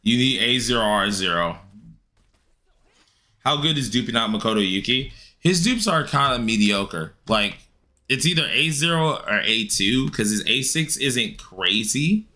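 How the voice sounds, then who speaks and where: A man streaming a game live, chatting casually with viewers and grumbling loudly at the game in an excitable way. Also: medium pitch, unhurried. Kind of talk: live-stream gameplay commentary answering chat.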